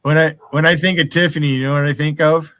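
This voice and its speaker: A man's voice: a little high, flat delivery, fast, fairly bright tone, no room sound. A man in his sixties hosting a casual live stream chat, joking and laughing at himself. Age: 60s. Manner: laughs often, self-mocking.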